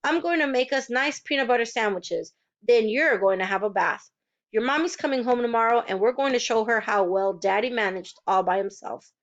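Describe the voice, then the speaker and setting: A woman's voice: a little high, moderate pace, lightly acted. Woman playing a dad, cheerful, coaxing, eager, lo-fi sound. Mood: flustered. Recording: dull lo-fi recording.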